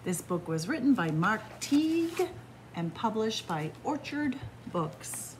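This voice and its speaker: A woman librarian reading a picture book aloud to children in a playful, animated storytelling manner. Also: on the high side, slow, slight background noise.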